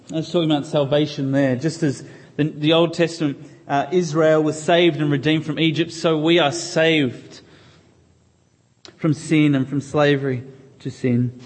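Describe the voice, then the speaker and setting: A man's voice: fairly high pitch, fairly even intonation, normal speed, darkish tone. A man preaching a sermon in church, reading scripture aloud and pleading earnestly with the congregation. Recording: long hall reverb.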